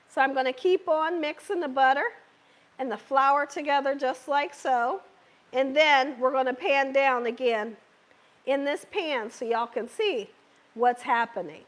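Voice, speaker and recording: A woman's high voice, roughened to a hoarse scratch, leads a live cooking demonstration from her home kitchen. She is chatty and reassuring and keeps checking in with viewers as she works. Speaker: cooking channel host.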